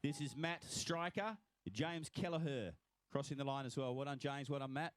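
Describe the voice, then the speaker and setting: A man's voice: mid-range voice, fairly even intonation, moderate pace, dry recording. A man with an Australian accent, commentating live at a swim finish line and congratulating each swimmer by name.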